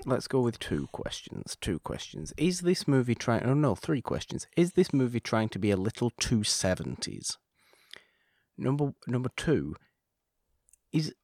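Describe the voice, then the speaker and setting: A man's voice: mid-range voice, darkish tone, dry recording, studio quality. A man talking casually about a film, rambling and correcting himself as he goes. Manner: rambling, restarts, self-correcting. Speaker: podcast co-host.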